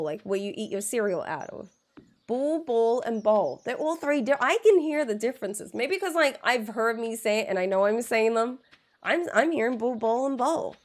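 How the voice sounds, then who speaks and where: A woman's voice: fairly high pitch, lively intonation. A woman streaming a game live, chatting and laughing with viewers, with a blocked nose. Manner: chatty, giggly, repeats words slowly to show sounds. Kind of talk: casual live stream chat.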